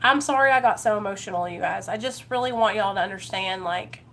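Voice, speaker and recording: A woman's voice: medium pitch, a little fast, fairly bright tone, a little hiss or hum. A woman from Ohio talking on a live recovery vlog, earnest and encouraging, speaking straight to her viewers and greeting them by name. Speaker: recovery vlogger. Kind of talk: casual live-stream chat.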